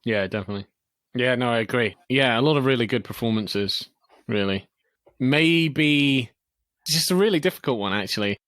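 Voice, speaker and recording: A man's voice: mid-range voice, moderate pace, a bit bright, no room sound, clean studio sound. A man co-hosting a film podcast, talking hesitantly with many fillers and agreeable asides. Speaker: podcast co-host. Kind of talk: casual film review chat.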